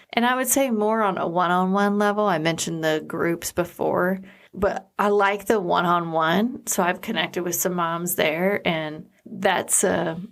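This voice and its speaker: A woman co-hosting a podcast with her husband, talking things over in a casual, earnest way. Her voice sits low and carries a steady gravelly fry. She reflects as she talks and often pauses to find the right words. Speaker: podcast co-host. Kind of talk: casual chat.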